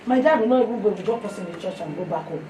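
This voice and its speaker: A woman with a Nigerian accent giving a sermon mixed with her own testimony, telling stories in an animated way. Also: mid-range voice, very fast. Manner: storytelling, animated, breaks into song. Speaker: fellowship speaker. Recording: echoey room, mic heard from a distance, faint noise.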